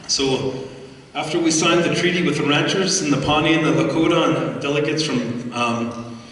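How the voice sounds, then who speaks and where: A man's voice: a little high, steady tone, normal speed, fairly bright tone. A middle-aged man giving a storytelling speech to an audience, humorous and anecdotal, retelling conversations as dialogue. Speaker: speaker at a community assembly. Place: large hall. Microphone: far room microphone. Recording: echoey hall from far off, faint crowd and noise.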